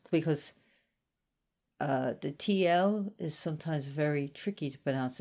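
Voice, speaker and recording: A woman's voice: sits low, normal speed, darkish tone. A woman from Florida giving a casual, rambling spoken presentation on an occult topic, often circling back with "so anyways.". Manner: chatty and rambling, with frequent "so anyways".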